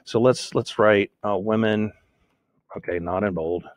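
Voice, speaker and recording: A man's voice: fairly low pitch, measured pace, no echo, studio quality. A man giving a screen-recorded lesson on making notes, thinking aloud and correcting himself as he types. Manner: thinks aloud, self-corrects while typing. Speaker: teacher.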